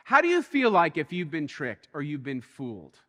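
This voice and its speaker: A man preaching a sermon as a pastor, telling a story in an animated way that swings between quiet and excited. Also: a little high, moderate pace, big-room sound. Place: church.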